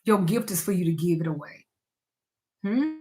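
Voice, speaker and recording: A woman's voice: lowish voice, expressive, moderate pace, over music. A woman speaking to her audience as a spiritual advisor and tarot reader, frank and emphatic, with blunt swearing. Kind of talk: candid talk to camera.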